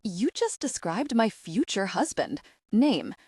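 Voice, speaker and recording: A woman voicing a nosy, excitable young female friend in an audiobook, teasing and breezy. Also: on the high side, slow, husky, no room sound, studio quality, pitched above the performer's own voice, heavily acted.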